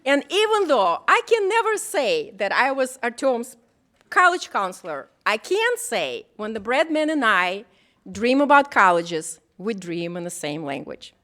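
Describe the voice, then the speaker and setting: A woman's voice: a little high, sing-song, measured pace, sharp tone. A woman hosting an event, introducing the guest speaker with a playful little story. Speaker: event host.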